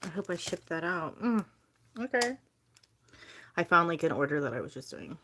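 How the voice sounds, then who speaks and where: A young woman chatting casually on a live stream while she packs bracelet orders. She talks in a chatty, animated way and fills her stories with "like" and quoted dialogue. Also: on the low side, normal speed, a little hiss or hum. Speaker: livestreamer selling handmade bracelets.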